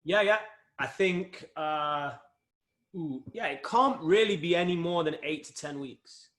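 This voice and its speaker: A man from England with a Midlands accent, answering interview questions in a measured way, often pausing with ums. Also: on the high side, fairly bright tone. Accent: English Midlands. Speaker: podcast guest.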